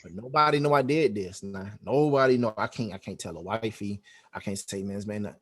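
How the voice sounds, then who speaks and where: In a casual podcast interview, a male guest with a fairly low voice tells a story a little fast. He brings it to life by acting out the quoted dialogue, using heavy slang and a lot of swearing.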